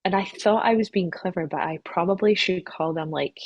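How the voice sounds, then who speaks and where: A woman with a slightly husky, lowish voice talks through an interview as a company chief. She is chatty and self-deprecating, restarting sentences and laughing at herself. The sound is dry and close. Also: fairly quick, dry recording, lo-fi sound. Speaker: company CEO, interview guest. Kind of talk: casual interview answers.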